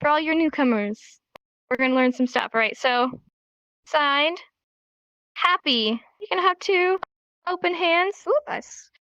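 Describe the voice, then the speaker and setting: A woman's voice: high voice, unhurried, pauses often, pushed and bright, no room sound, highs cut off. A young woman teaching a casual sign language class, bubbly and giggly, acting out each emotion with her voice while tired and a bit sore in the throat.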